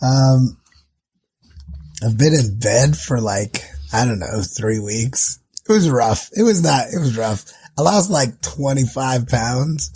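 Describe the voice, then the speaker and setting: A sick man with a hoarse, raspy voice, self-mocking and crude, co-hosting a casual comedy podcast. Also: medium pitch, lively intonation, takes it slowly, a little mellow, no echo. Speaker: podcast co-host.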